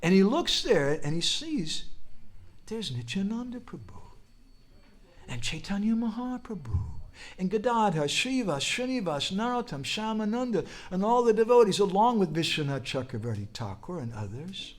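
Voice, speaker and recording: Animated man telling a sermon story. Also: normal speed. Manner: animated, leaps high and loud when quoting and crying out; humorous asides, prompts listeners with "huh?". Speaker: speaker at a religious festival.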